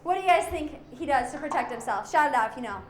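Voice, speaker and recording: A woman's voice: sits high, animated, quick pace, roomy sound. A woman presenting animals to a young audience as a zoo educator, playful and full of questions for the children.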